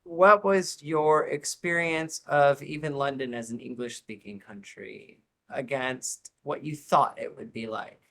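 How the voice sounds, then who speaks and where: A man's voice: medium pitch, a little slow, gravelly, a bit bright. A man interviewing a guest, asking curious follow-up questions and laughing easily.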